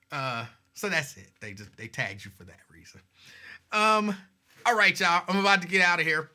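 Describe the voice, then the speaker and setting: Bright-voiced man chatting casually with viewers. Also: sits high, lively intonation, normal speed. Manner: laid-back, chatty, signs off with warm advice. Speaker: host of a live-streamed talk show. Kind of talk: casual chat reading viewer comments.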